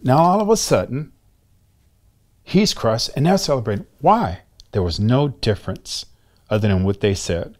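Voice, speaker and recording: A man's voice: mid-range voice, sing-song, normal speed, darkish tone. A middle-aged man, a former bodybuilder, speaking as an interview guest and telling candid stories with emphatic, acted-out dialogue and blunt swearing.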